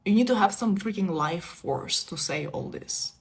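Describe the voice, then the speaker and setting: A woman in her thirties talks to her viewers in a casual spiritual live stream. She sounds playful and laughs often. She swings between hushed asides and loud, emphatic bursts, and her voice sits in a middle pitch. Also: animated, normal speed. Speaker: spiritual teacher. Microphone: phone or webcam on a live stream.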